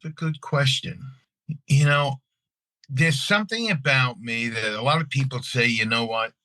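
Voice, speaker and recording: A middle-aged man from Long Island with a New York accent, an actor telling stories in a casual interview, animated and repeating his words as he acts out scenes. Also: mid-range voice, moderate pace, no echo, poor audio. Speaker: actor and guest.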